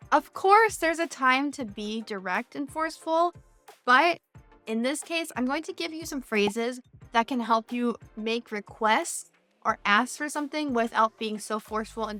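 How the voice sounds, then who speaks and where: A woman's voice: fairly high pitch, fairly bright tone. A woman teaching English in an online lesson, patiently explaining phrases step by step with many examples.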